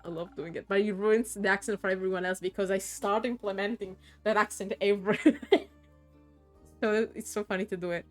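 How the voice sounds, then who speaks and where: A woman streamer giving casual, excitable commentary while playing through a game, laughing often and swearing freely. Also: mid-range voice, a little fast, soft background music.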